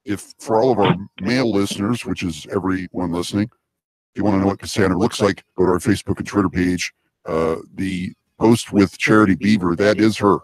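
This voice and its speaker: Low-ish guy hosting a podcast, keeps giggling, dry close sound. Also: steady tone, brisk, dry recording, poor audio. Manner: giggly, laughs often. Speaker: podcast host. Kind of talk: casual chat, joking.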